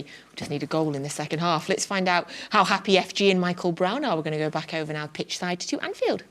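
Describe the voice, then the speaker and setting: A woman's voice: lowish voice, lively intonation, fast, hardly any pauses, a little hiss or hum. A woman hosting a football studio show, chatty and talking openly as a nervous fan. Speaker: studio host. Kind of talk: studio presenting.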